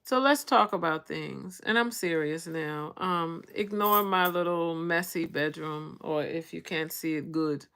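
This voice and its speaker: A woman's voice: low-pitched, a little slow, hardly any pauses, a bit bright, clear, resonant tone. An American woman in her sixties hosting a casual livestream from her bedroom on her phone, chatting with viewers and reading their names aloud. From United States. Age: 60s. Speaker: vlog host.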